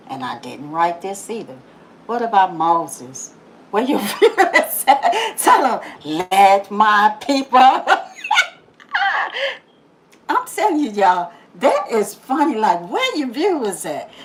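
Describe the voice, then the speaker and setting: A woman hosting a daily positive-message video, talking casually, laughing often and repeating phrases for emphasis, then softening into slow prayer. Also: sits high, a little hiss or hum, rough recording. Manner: drops to a soft, slow prayerful tone. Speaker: YouTube host giving a daily positive message. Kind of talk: casual inspirational monologue.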